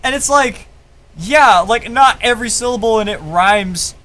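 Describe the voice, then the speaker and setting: High, lively, profane young man ranting. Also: a little slow. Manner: heated, profane, emphatic with frequent restarts. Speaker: rapper breaking down his album. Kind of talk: casual ranting commentary.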